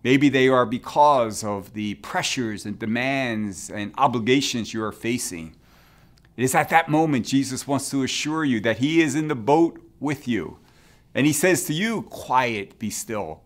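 A man speaking as a bishop, giving a short reflection in a gentle, measured pastoral way with phrase ends that drop softly. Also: medium pitch. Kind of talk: short spoken sermon reflection.

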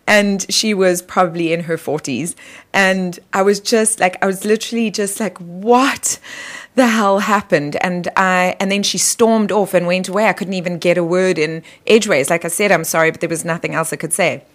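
A woman hosting a radio show, chatting casually and telling animated stories. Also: on the low side, fairly quick. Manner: animated storyteller, acts out quoted voices. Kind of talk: casual conversational interview.

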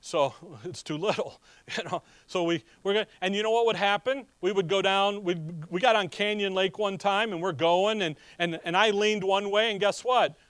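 A man's voice: high voice, normal speed, fairly bright tone, smooth, no room sound. A man preaching a sermon in a conversational way, asking rhetorical questions and telling personal stories with a chuckle. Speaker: pastor.

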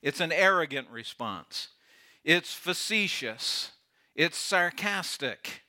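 A man preaching a sermon as pastor, earnest, often dropping soft and low to stress a point. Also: animated, slow.

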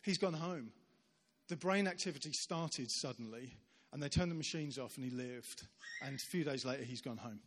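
A man giving a sermon as a visiting preacher, telling stories in an animated way and acting out the voices of the people in them. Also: mid-range voice, brisk, few pauses, background noise. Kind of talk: sermon storytelling. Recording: long reverb of a large church hall.

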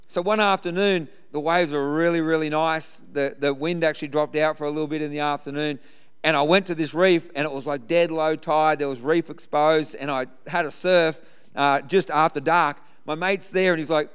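Middle-aged man, sermon, storytelling, emphatic repetition, smooth clear voice. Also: a little high, fairly even intonation, moderate pace, a bit bright, in a large hall. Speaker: pastor.

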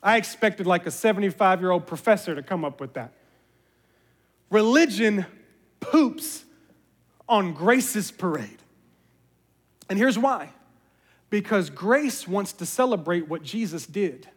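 A man, a pastor, giving a sermon as an animated, self-mocking storyteller. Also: sits high, normal speed, breathy edge. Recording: long reverb of a large hall.

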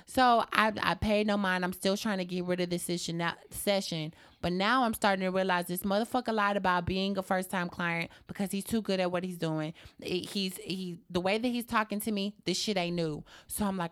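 A woman's voice: mid-range voice, a little fast. A young adult woman telling a personal story in a casual interview, acting out the dialogue and swearing freely. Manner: animated, acts out quoted dialogue, swears freely.

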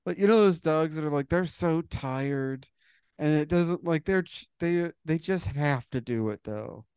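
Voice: mid-range voice, measured pace, darkish tone, clear, resonant tone, dry recording, studio quality. A podcast co-host chatting casually, rambling and wondering aloud, often trailing off. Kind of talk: casual comedic chat.

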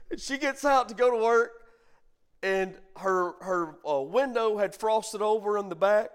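A man's voice: sits high, a little slow, long pauses, smooth. A middle-aged man preaching a sermon as pastor, calling the congregation to answer and telling a folksy family story. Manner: preaching with call-and-response, bursts of emphasis.

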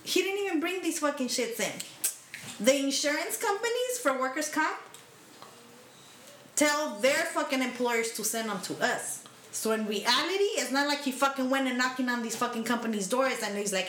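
A woman's voice: sits high, normal speed, echoey room, a little hiss or hum, poor audio. A woman co-hosting a podcast, telling a story in casual chat that is full of swearing and Spanish slang. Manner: profane, animated, mixes in Spanish slang. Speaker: podcast co-host. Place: podcast room.

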